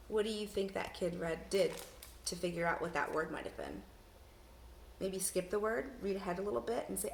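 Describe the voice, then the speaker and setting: Lively, playful woman reading to kids. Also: mid-range voice, brisk, gravelly, roomy sound, slight background noise. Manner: animated, playful, talking to children. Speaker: teacher. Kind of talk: children's read-aloud.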